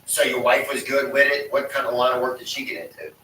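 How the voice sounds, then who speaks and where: A man's voice: mid-range voice, flat delivery, fast talker, bright, forceful tone, far from the mic. A man hosting a podcast interview, laid-back and profane, laughing easily. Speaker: podcast host. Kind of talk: casual interview chat. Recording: echoey room, voice off-mic, faint room noise.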